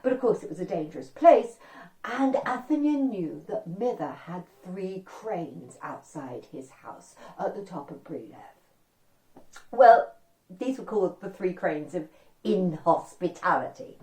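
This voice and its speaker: A woman telling an old folk tale to children in an animated, chatty way, with asides to her listeners. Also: lowish voice, unhurried. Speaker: storyteller. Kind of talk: oral storytelling for children. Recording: echoey room, far from the mic.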